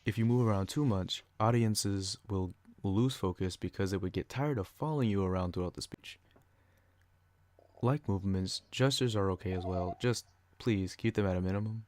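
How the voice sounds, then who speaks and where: A young man reading a scripted educational podcast, a little flat as he reads from prepared notes. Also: on the low side, normal speed, dry recording. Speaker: student podcaster.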